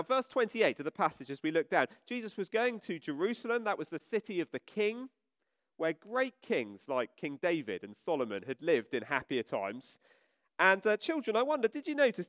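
Lively high-voiced preacher talking to children. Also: male voice, no echo, studio quality. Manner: animated, addressing children with questions. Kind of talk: all-age sermon. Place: church.

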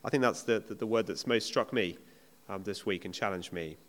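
A man's voice: fairly low pitch, fairly quick. A man preaching a sermon in an earnest, emphatic, conversational way. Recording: long reverb of a hall.

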